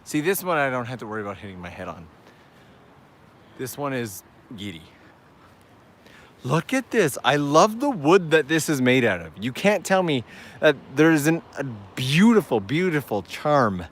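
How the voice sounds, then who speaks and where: A man's voice: mid-range voice, very animated, moderate pace. A man hosting a casual walking live stream outdoors, upbeat and chatty as he talks to viewers while climbing hillside steps.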